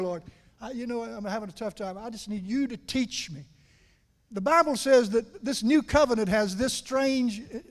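A middle-aged pastor preaches from the pulpit in a fairly high voice. He talks with his congregation like a conversation, asking them questions. His volume rises to loud emphasis and falls back to near-whispered confiding. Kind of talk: sermon. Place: church sanctuary.

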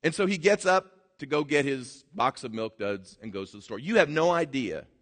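A man preaching a sermon, animated, swinging between loud emphatic bursts and quiet, drawn-out words. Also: medium pitch. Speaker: pastor.

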